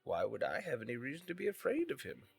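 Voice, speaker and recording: A man's voice: medium pitch, huge pitch swings, fast talker, gravelly, slight background noise. A man narrating as dungeon master, casual and loose, swearing at times. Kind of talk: narrating a tabletop game.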